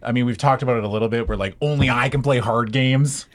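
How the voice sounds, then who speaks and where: A male streamer in casual panel chat, emphatic, with quick agreeing asides. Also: medium pitch, fairly even intonation.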